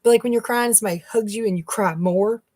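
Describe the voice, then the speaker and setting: A woman's voice: a little high, fast talker, a little mellow. A middle-aged woman, chatting casually to her live-stream viewers and rambling with frequent laughs. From North Carolina, US. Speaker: keto vlogger.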